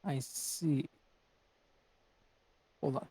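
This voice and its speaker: A 180-year-old wanderer questions a stranger politely and probingly, as a man plays him in a tabletop game. The voice is mellow and relaxed. It sounds dry and close. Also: medium pitch, drawn-out words, slightly rough, no room sound, heavily acted. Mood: inquisitive.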